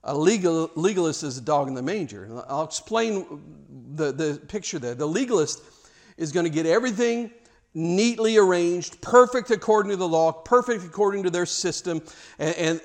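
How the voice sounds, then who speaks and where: A man preaching a sermon, emphatic, with rhetorical questions and repeated words. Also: fairly high pitch.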